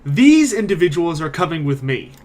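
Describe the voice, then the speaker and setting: A man puts on a scowling witch hunter captain for a tabletop game, voice pitched up and pushed loud. He is self-important and blustering, and he jabs out accusations and threats. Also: very animated, normal speed. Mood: threatening.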